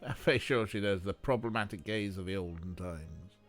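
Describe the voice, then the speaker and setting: A man's voice: low-pitched, normal speed, faint music behind. A man streaming a mystery game, throwing in sarcastic, joking asides between the dialogue. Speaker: let's play streamer. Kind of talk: casual gameplay commentary.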